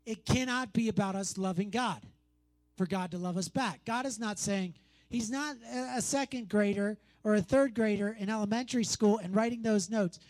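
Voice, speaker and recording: A man's voice: very high voice, moderate pace. A man preaching a sermon, pressing his points through repetition and conversational asides.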